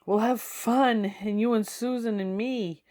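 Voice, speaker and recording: A woman voicing an excited, eager little boy in a storybook reading, coaxing and pleading at times. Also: on the low side, moderate pace, lightly acted.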